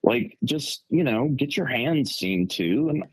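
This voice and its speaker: A man putting on the voice of a calm, amused adult man who can box, talking in a laid-back drawl. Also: medium pitch, takes it slowly, slightly rough, heavily acted. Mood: reassuring.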